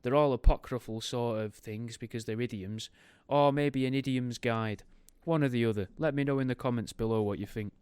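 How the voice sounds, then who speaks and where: A man's voice: medium pitch, moderate pace, hardly any pauses, a little mellow, clean tone, dry recording. A man hosting a podcast, reading a history book aloud and breaking off into wry, joking tangents. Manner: wry, goes off on tangents, makes jokey asides while reading. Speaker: podcast host.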